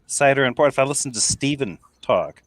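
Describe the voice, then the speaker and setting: A man chatting as a guest on a live stream, musing in a halting way. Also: medium pitch, expressive, no room sound. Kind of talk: casual live-stream chat.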